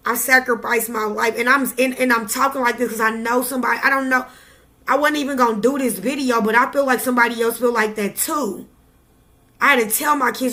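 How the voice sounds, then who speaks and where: A woman's voice: high voice, moderate pace, sharp tone. A woman vlogging to camera, giving a raw, preachy pep talk straight to the viewer. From Midwest United States. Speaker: tarot reader vlogger. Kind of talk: casual motivational talk to camera.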